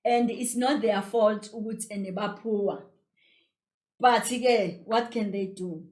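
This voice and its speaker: A woman teacher with a South African accent, explaining a story in a revision lesson in an animated way and repeating phrases for emphasis. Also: medium pitch, takes it slowly. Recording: roomy echo.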